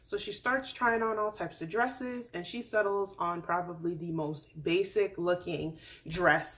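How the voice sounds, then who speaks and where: A woman's voice: fairly low pitch, a little slow, few pauses, fairly bright tone. A woman in her twenties chats through a casual recap. Her tone is sassy and candid, full of playful asides and teasing jabs. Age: 20s. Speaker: vlogger recapping a reality dating show.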